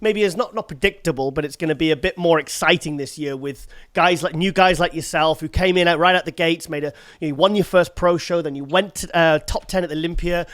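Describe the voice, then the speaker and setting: A man's voice: a little high, a little fast, fairly bright tone, no room sound, studio quality. A man, hosting a podcast and talking in a casual, rambling way with many restarts and fillers. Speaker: podcast host. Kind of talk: casual chat.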